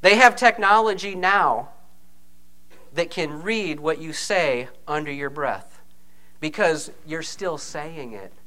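Male preacher, high and bright, lively conversational sermon delivery. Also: takes it slowly. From United States. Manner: animated, conversational preaching with frequent "okay?" asides.

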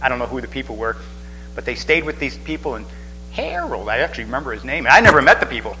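A man's voice: mid-range voice, animated, rapid-fire, sharp tone, faint music behind, low-quality recording. A man preaching a sermon in a loose, chatty way, with many restarts and asides. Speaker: pastor.

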